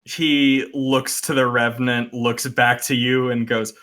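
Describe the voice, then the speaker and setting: A man serving as game master, narrating the scene at an unhurried pace. His voice is bright and forward, and his talk is hesitant and full of fillers. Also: medium pitch, little pitch movement. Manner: hesitant, lots of uh and um, chuckling.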